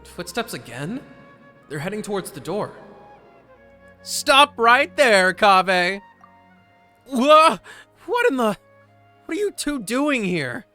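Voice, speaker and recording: A man voicing a tiny excitable female fairy companion in a strained falsetto head voice. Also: moderate pace, faint music behind, exaggerated voice. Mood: startled.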